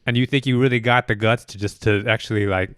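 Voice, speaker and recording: Smooth low-voiced podcast host. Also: male voice, steady tone, fast, fairly bright tone, no room sound. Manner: talks things through, lots of "like" and restarts, laughs often. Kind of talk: casual chat.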